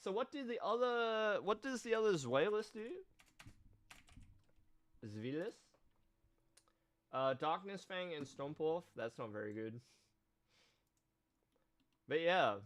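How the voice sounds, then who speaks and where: Slow-talking man with a stuffy nose. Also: fairly high pitch, sing-song, dry recording, clean studio sound. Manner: slow, thoughtful, reads chat aloud. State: nasal from a cold. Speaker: streamer. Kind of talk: casual live-stream chat about card games.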